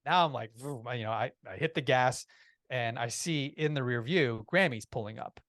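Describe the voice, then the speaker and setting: A man telling a personal story as a podcast guest, in a lively way, with frequent restarts. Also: mid-range voice, moderate pace, no echo, studio quality. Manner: lively, acts out quoted voices, restarts often.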